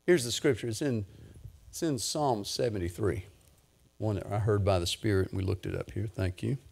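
An older man, preaching a sermon through a lively personal story, swinging from low murmurs to loud excited bursts. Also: moderate pace, creaky, husky. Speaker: pastor.

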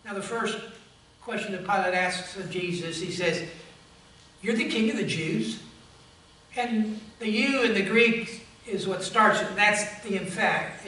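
A man's voice: sits high, fairly even intonation, normal speed, bright, forceful tone. A male pastor preaching a sermon emphatically and addressing the congregation directly, recorded in a church sanctuary from a distance. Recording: echoey church from far off.

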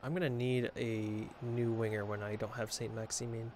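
A man's voice: mid-range voice, level tone, moderate pace, a little mellow, a little hiss or hum. A man giving casual, joking commentary while playing a football video game, chatting to his viewers and to the players on screen. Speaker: gaming video creator.

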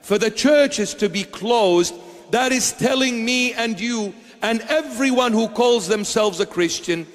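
A man's voice: very high-pitched, a little slow, in a large hall. A man preaching a sermon as a bishop, emphatic, firing off repeated rhetorical questions.

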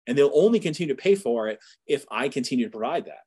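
A man from the Boston area gives a relaxed, informal lecture as a professor talking to alumni. His voice is a little husky at a middling pitch. He keeps it conversational, tossing in wry asides and checking in with "right?". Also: fast talker. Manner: conversational, joking asides, frequent "right?" tags. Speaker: university professor giving a talk.

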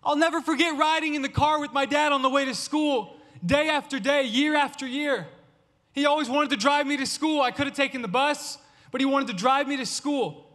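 A youth pastor preaching with a very high, bright voice and impassioned, repeated urging, dropping to hushed storytelling in between. His voice carries a long echo from a large church hall, picked up by a stage mic. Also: a little fast. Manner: impassioned, repetitive exhortation, swings from loud to hushed. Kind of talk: sermon.

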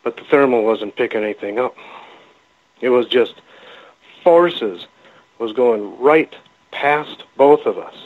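Male radio guest calling in by phone; rambling, halting storyteller; thin, phone-like sound. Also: mid-range voice. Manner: rambling, halting, with many restarts. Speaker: guest, cryptid researcher. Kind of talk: casual storytelling interview. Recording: phone-line call-in audio.

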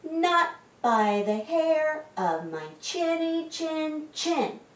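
A woman voicing a small, defiant little male pig in a storybook reading, in a high squeaky voice. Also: expressive, roomy sound, recorded from a distance, exaggerated voice. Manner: high squeaky slow protest.

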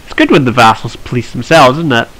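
Bright-voiced man narrating his gameplay. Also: mid-range voice, animated, fast talker, low-quality recording. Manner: chatty, thinking aloud, wry asides. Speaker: let's play host. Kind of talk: strategy gameplay commentary.

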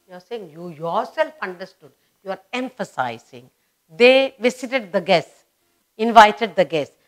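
A woman with an Indian English accent leads a grammar lesson at a slow, deliberate pace. She says each example phrase again and again to drive the point home, with her pitch sitting in an ordinary middle range.

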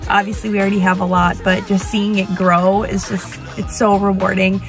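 A woman's voice: medium pitch, little pitch movement, normal speed. A young woman hosting a vlog, talking to camera in a chatty, eager way. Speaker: vlogger host. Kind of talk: casual talk to camera. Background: background music.

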